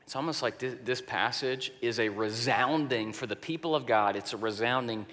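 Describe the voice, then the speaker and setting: A man preaching a sermon as pastor, in a slow, deliberate way, often dropping his voice soft for emphasis. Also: medium pitch, expressive. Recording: long reverb of a large hall.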